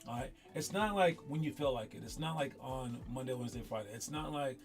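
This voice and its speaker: A man's voice: medium pitch, expressive, fairly quick, hardly any pauses, over music. A young man coaching youth basketball, giving a rambling, emphatic motivational talk with many fillers and restarts.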